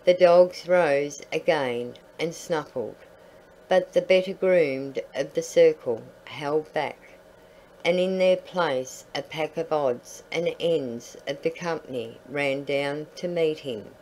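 A woman reading a storybook aloud in a calm, measured way. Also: low-pitched, slight background noise, poor audio.

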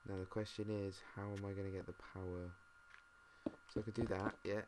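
A man's voice: low voice, level tone, fairly quick. Mumbling British guy at a noisy mic. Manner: mumbling, thinks aloud, swears at the game. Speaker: gamer. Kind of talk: casual let's-play commentary. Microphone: desk mic. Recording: noisy home mic with mouse clicks.

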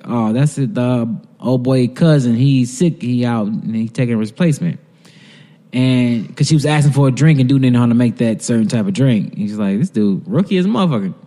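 A podcast co-host with a mellow, mid-range voice retells a TV episode in loose, casual chat, swearing, rambling and laughing as he recounts scenes. His voice trails off with a long reverb tail.

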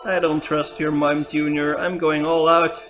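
A woman's voice: sits low, flat delivery, slow, fairly bright tone. A woman commentating her own gameplay, swearing and crying out at every setback. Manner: cursing and crying out at the game. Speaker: let's player. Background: faint game music.

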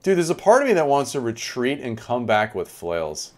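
A man's voice: medium pitch, moderate pace. A young man giving chatty live game commentary, talking to his chat as he plays. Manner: chatty, animated, talks to chat. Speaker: streamer.

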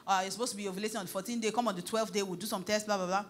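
A middle-aged Nigerian woman pastor preaching in a lively storytelling way, slipping into pidgin phrases and laughing often. Her voice sits at an ordinary pitch for a woman, with faint noise behind her. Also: rapid-fire. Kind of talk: sermon.

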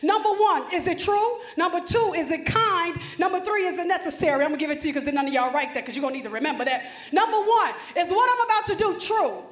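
High-pitched emphatic woman speaker. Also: lively intonation, quick pace, few pauses. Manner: emphatic, preacherly, talks directly to students. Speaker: motivational speaker. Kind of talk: motivational conference speech. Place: conference hall stage. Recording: echoey hall.

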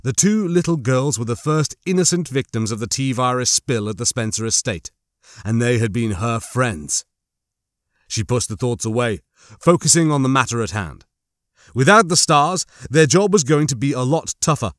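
A man narrates an audiobook in a steady, even storytelling style. His mid-range voice moves at a moderate pace, and the scripted narration is recorded dry with studio quality.

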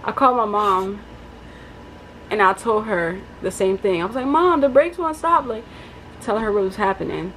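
A young woman telling a story in a casual vlog, chatty and animated, with lots of fillers. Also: mid-range voice, normal speed, pauses often, rough recording. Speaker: vlogger. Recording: faint background noise.

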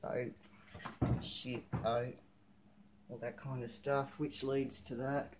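A woman giving a casual home video tour of her collection, naming the items one by one in a halting way. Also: very deep voice, flat delivery, noisy background.

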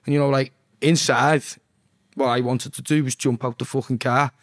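A man's voice: medium pitch, steady tone, moderate pace, dry recording, studio quality. A young man with a Liverpool accent, a singer chatting as a podcast guest, swearing freely and often asking "do you know what I mean". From Liverpool, England. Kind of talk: casual interview chat.

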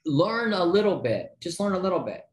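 A man giving a motivational sales training talk, energetic, with rhetorical questions and frequent checks like "right?" to his listeners. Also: high-pitched, moderate pace, roomy sound.

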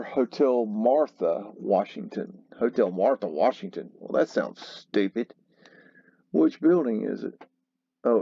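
A man hosting a casual photo tour, slowly musing and exclaiming at what he sees. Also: mid-range voice, dark tone, no echo, dull audio. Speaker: host narrating a photo tour. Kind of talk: casual commentary over photos.

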